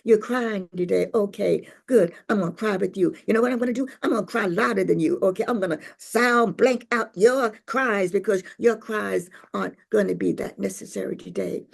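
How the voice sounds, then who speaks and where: A woman's voice: mid-range voice, fairly quick, gravelly, hardly any pauses, husky. An older woman poet, reading a poem and then telling stories in a rhythmic, playful way, acting out voices. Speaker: poet and speaker. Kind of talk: poetry reading and storytelling talk.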